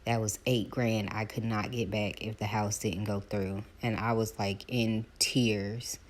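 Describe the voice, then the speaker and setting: A woman, chatting casually to her viewers while doing her hair, animated as she retells her calls. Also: extremely low pitch, measured pace. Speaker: vlogger.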